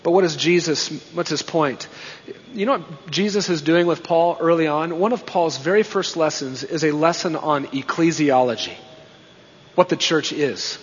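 A man delivers a sermon in a high, husky voice, pressing his points hard and then dropping almost to a murmur. The sound is dull and carries a long hall reverb. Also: moderate pace. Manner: emphatic preaching, rising and dropping to hushed tones. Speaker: pastor.

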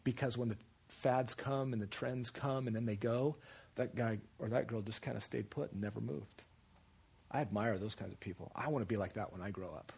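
A man preaching a sermon, animated, repeating phrases for emphasis and jumping into quoted voices. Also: medium pitch, fairly quick, creaky, slightly rough.

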